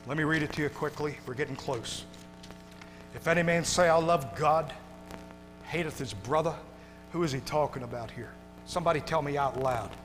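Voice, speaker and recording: A male pastor preaches in a church sanctuary, his fairly high voice ringing with a long hall reverb. He swings from quiet, intimate moments to shouted peaks, and music plays behind him. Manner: swings from hushed and tender to loud shouting. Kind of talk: preaching a sermon to a congregation.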